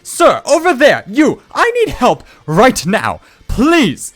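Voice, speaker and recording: A man voicing a fussy, theatrical man with a mechanical leg who wails and pleads in a high voice. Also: huge pitch swings, slow, fairly bright tone, heavily acted. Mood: frantic. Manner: dramatic shrill pleading.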